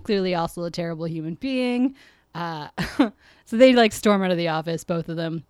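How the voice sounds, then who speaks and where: A woman's voice: fairly low pitch, moderate pace, darkish tone, clean tone, no echo, clean studio sound. A woman co-hosting a podcast, chatting casually as she recaps an episode, laughing often and acting out lines. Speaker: podcast co-host.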